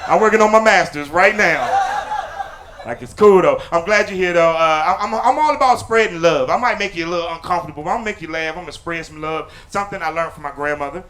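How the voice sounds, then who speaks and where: A man doing live stand-up comedy on a theater stage, punchy and loud, then dropping low for asides. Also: quick pace, slight background noise. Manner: loud, punchy delivery with sudden drops to low confiding asides. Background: audience laughter.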